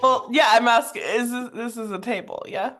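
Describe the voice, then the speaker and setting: A woman playing a tabletop role-playing game, talking casually and hesitantly, with many pauses and fillers. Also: on the high side, fairly bright tone, soft background music. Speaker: player.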